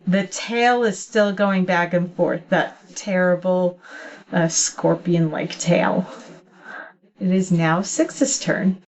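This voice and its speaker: A woman's voice: fairly low pitch, slow. A woman running a tabletop game as game master, narrating with easy fillers and frequent giggles. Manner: relaxed, giggly, hesitant fillers.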